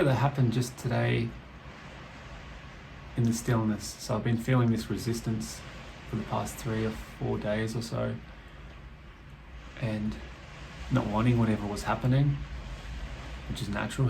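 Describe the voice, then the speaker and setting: Man, reflective solo podcast, gravelly, unhurried musing, casual swearing, faint rain outside. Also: mid-range voice, little pitch movement, background noise. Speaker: podcast host. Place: indoors with heavy rain outside. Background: rain ambience.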